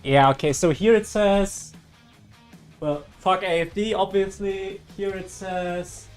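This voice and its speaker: A German-accented man hosts a casual game stream, chatting straight to his viewers. His voice sits slightly high, and he often stops and restarts his sentences as he answers them. Faint music plays behind him. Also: slow, darkish tone. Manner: chatty, answers chat aloud, self-correcting restarts. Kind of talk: casual live-stream chat.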